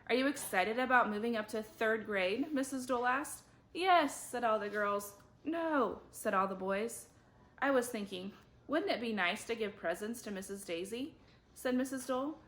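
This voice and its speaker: A woman reads a children's chapter book aloud with a bright, fairly high voice. She stays animated throughout, leaping up in pitch whenever she voices the kids and the teachers. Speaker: book club reader.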